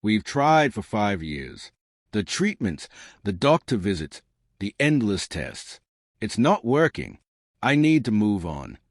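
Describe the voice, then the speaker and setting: A man voicing a tired, distant husband in an audio story, speaking flatly and firmly. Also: fairly low pitch, slow pace, no echo, clean studio sound, exaggerated voice. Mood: cold, tired. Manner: flat, cold, firm.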